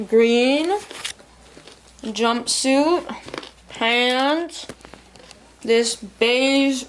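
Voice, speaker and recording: A woman's voice: mid-range voice, a little hiss or hum. A young woman chatting casually to her viewers in a rambling vlog. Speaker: vlogger.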